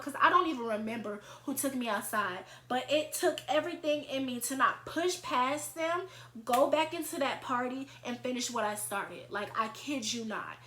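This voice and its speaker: A young woman vlogger telling a storytime tale in an animated, chatty way. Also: high-pitched, a little hiss or hum. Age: young adult. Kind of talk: storytime vlog. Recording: echoey room.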